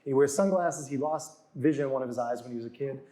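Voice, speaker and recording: This author, a guest in his forties, swaps stories in relaxed conversation, bumping up his volume to act out what people said. His voice sits at a medium pitch, mellow and fast.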